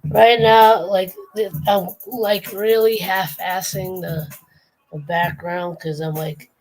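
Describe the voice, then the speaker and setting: A woman's voice: lowish voice, little pitch movement, takes it slowly, a little mellow, faint music behind, poor audio. A tired woman chatting loosely and laughing as she draws on a live stream. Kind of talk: casual chat.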